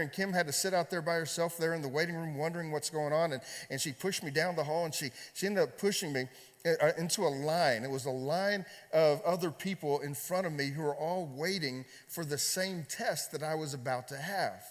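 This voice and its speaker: Pastor guy telling a story from the pulpit, lots of uh's and restarts, big echoey hall. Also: a little high. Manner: conversational, halting with fillers and repeats. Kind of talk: sermon storytelling. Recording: long hall reverb.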